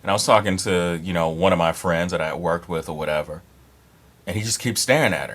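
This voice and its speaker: A man in his mid-thirties talks straight to his viewers in a loose, rambling monologue. His voice sits on the low side, and he is blunt and freely profane, with plenty of fillers and restarts. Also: brisk, a bit bright. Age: 30s. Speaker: dating advice vlogger. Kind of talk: casual monologue to camera.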